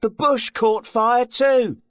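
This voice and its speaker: A man voicing a schoolboy in a textbook listening dialogue, telling a friend a story in a lively way. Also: very high voice, slow, dry recording, clean studio sound.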